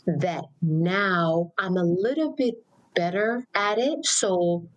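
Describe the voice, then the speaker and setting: Low-voiced woman telling personal stories. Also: takes it slowly, low-quality recording. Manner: reflective, storytelling, repeats words for emphasis. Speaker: podcast co-host. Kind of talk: casual podcast conversation.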